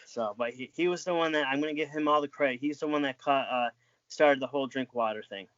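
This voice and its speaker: A man's voice: mid-range voice, fast, fairly bright tone, dry recording, dull audio. A man being interviewed as a former wrestling referee, telling stories in a rambling way with lots of restarts and filler words. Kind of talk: casual storytelling.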